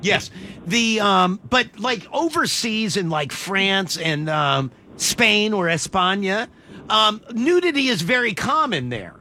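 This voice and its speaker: A man's voice: high-pitched, big pitch swings, sharp tone, slight background noise. A man hosting a morning radio show, joking and quizzing a caller in casual banter. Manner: playful, joking, quick questions. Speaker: radio host.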